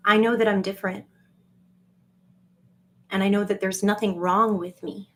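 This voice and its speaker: A woman, rambling on a livestream, swinging between gushing greetings to viewers and low confiding asides. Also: fairly even intonation, normal speed, fairly bright tone. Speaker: livestream vlogger.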